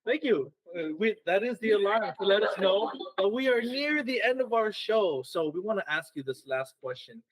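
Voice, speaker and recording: A man's voice: high voice, animated, normal speed, few pauses, low-quality recording. Upbeat, laughing male radio host. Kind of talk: casual live radio chat. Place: radio studio.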